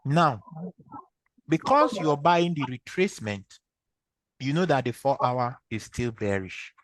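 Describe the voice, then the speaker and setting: This trading instructor speaks Nigerian English in a mid-range, expressive, unhurried voice with no room sound. Sharing his screen in an online session, he walks students patiently through the steps and keeps asking them questions again and again.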